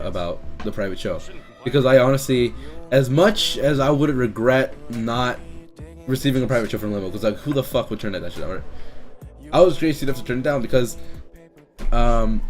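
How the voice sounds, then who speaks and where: A man telling a story to camera in a casual vlog, excitable and anxious, swearing often and stammering through restarts. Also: medium pitch. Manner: excitable, swears a lot, loud bursts of disbelief. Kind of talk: casual story-time monologue.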